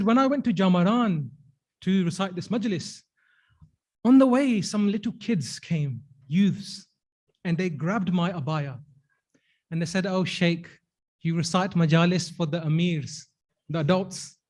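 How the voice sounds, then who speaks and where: A man with a British accent giving a sermon, telling a story with quoted dialogue in an earnest, emphatic way and asking rhetorical questions. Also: sits high. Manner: asks rhetorical questions to the audience. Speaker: speaker at a religious gathering.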